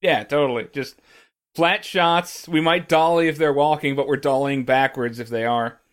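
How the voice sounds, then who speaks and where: A man from Missouri riffs through a casual podcast chat. His voice sits a bit high, and he jokes and swears freely, often restarting his sentences with stammers. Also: fairly even intonation, normal speed. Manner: joking, profane, stammering restarts. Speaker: podcast co-host.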